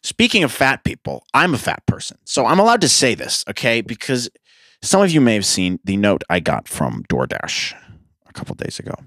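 A young man hosts his podcast in a rambling, profane, self-mocking monologue. His pitch swings up and down as he tells sarcastic stories. The sound is dry and close. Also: wildly swooping pitch, normal speed, a bit bright, no echo. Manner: sarcastic storyteller. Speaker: podcast host. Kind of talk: casual monologue.

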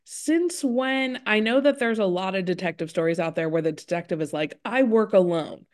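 A woman's voice: mid-range voice, normal speed. A woman co-hosting a podcast, casually discussing a TV show with frequent laughter and agreement. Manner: laughing agreement, short reactions. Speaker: podcast co-host. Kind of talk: casual chat recapping a TV show.

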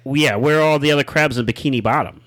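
A man co-hosting a comedic chat, spinning deadpan joke theories. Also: mid-range voice, fast talker. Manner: deadpan, conspiratorial joking. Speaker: podcast co-host.

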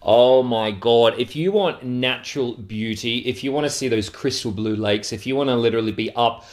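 A man's voice: medium pitch, moderate pace. A man co-hosting a casual podcast chat, teasing and playfully exaggerated in how he talks. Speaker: podcast co-host.

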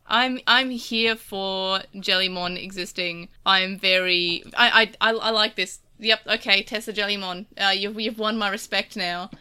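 Aussie woman rambling on a podcast, bright voice, lots of restarts. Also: medium pitch, steady tone, measured pace, few pauses, smooth. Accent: Australian. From Australia. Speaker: podcast co-host. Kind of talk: casual chat.

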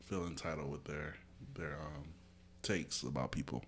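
A man co-hosting a casual podcast who talks in a halting way, with many fillers. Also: rumbling low, a little hiss or hum. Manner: slow, halting, full of fillers. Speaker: podcast co-host. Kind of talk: casual chat.

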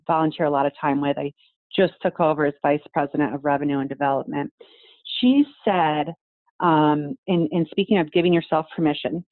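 A woman guest talks earnestly and with self-deprecating humor in a casual podcast chat. Her voice sits a bit low and comes through a tinny, phone-like line with a dry sound. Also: no echo. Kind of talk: casual conversational interview.

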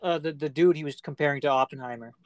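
A man with a fairly high voice chats casually as a podcast co-host, heated, profane and animated. The sound is dry and close, with no room around it. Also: fast, dry recording. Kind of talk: casual chat.

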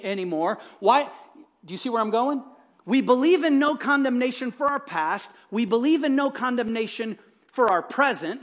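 High-voiced energetic male preacher. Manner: energetic, emphatic, swings between loud bursts and soft asides. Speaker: pastor. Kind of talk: sermon.

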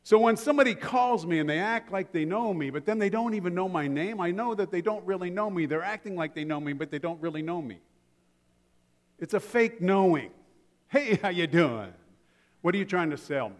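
A man's voice: high voice, a little fast, long reverb tail. A male pastor preaching a sermon in a conversational way, mixing humorous everyday stories into his points.

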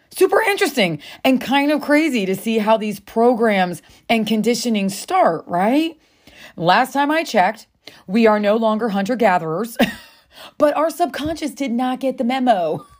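A woman's voice: a little high, sing-song, measured pace. Chatty, confiding woman telling a story. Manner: chatty, confiding, swears freely, calls listener friend. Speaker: self-help speaker. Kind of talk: candid personal storytelling to camera.

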